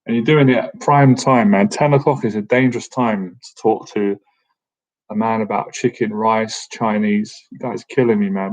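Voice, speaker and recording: This boxing coach in his thirties runs a laid-back livestream Q&A, joking around and frequently ending sentences with "man." His voice is on the low side, a little mellow, with fairly even intonation and a moderate pace; the stream audio is dull and lo-fi.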